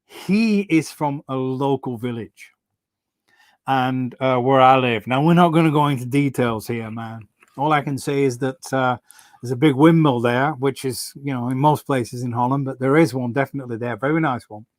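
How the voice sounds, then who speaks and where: A middle-aged man chats live to his fans from home. He rambles enthusiastically from story to story, restarting his sentences often. His voice sits at a middling pitch, and the sound is dry and close. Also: normal speed, dry recording. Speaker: singer hosting a fan livestream. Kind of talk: casual live stream chat.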